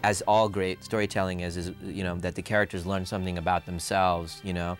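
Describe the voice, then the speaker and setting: A man's voice: sits low, level tone, brisk, loud music behind the voice. A man giving thoughtful interview commentary on a film, using many fillers.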